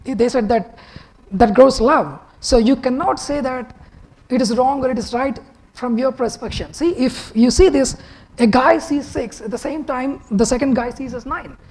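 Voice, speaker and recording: A man with a husky voice, giving a slow, conversational stage talk with some halting restarts. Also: extremely high pitch, darkish tone, low-quality recording. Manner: unhurried, conversational, slightly halting. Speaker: TEDx speaker. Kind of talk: public talk.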